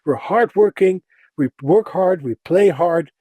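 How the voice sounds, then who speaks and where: A middle-aged man from the Netherlands, speaking as an interview guest in an opinionated, animated way. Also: high-pitched, unhurried, no room sound. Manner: opinionated, animated, mimics others for emphasis. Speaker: guest, voice actor. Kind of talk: casual interview talk.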